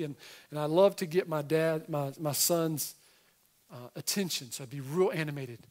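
Speaking at a moderate pace, a middle-aged pastor preaches with animated emphasis in a voice that's high for a man. Every so often he breaks off for casual remarks to those in front of him.

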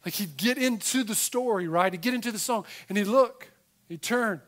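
High-voiced animated man preaching. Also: moderate pace. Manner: animated, emphatic preaching with conversational asides. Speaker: pastor. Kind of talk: sermon.

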